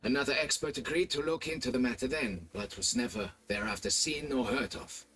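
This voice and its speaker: A man's voice: mid-range voice, a little fast, fairly bright tone, close to an everyday voice. An actor playing a pompous, condescending nobleman in a video game, fussy and demanding. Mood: grave. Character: pompous middle-aged nobleman, haughty and demanding. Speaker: vineyard owner hiring a monster hunter.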